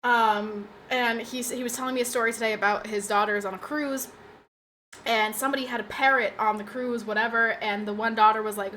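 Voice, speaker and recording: A woman's voice: fairly high pitch, fast, fairly bright tone, a little hiss or hum. A tired young woman streamer chatting casually, rambling and joking at her own expense with frequent laughs. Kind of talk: casual livestream chat.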